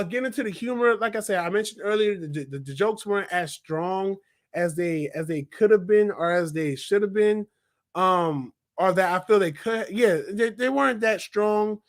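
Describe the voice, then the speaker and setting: Excitable high-voiced man reviewing a film. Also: moderate pace. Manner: excited, rambling, filler-heavy, lots of "like". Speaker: movie reviewer. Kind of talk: casual spoken review.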